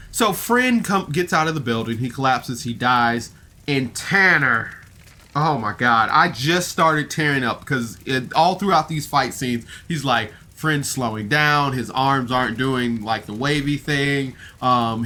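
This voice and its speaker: Slow-talking man with a bright voice. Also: medium pitch. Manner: rambling, emotional, full of fillers. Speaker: podcast reviewer. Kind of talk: casual review commentary. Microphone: camera mic, seated on camera.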